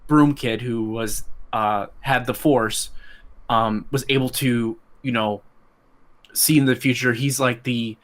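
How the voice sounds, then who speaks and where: A man chatting casually as a podcast guest, voice in a middle register. He rambles and restarts often, hunting for words, and gets loud and excited when something thrills him. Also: medium pitch, slow pace. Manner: animated, rambling, many restarts and fillers. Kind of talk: casual chat.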